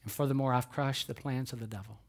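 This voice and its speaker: A male pastor preaching at a church service, speaking with emphasis. His voice swells to loud, driving climaxes as he presses his points. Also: mid-range voice, steady tone, quick pace. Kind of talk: sermon.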